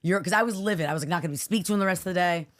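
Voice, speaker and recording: A woman talks fast on a podcast, rattling through a story. She jumps into the voices of everyone she quotes. The sound is dry and close. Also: lowish voice, no room sound. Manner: animated storyteller acting out quoted people. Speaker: podcast co-host. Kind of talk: casual chat. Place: studio.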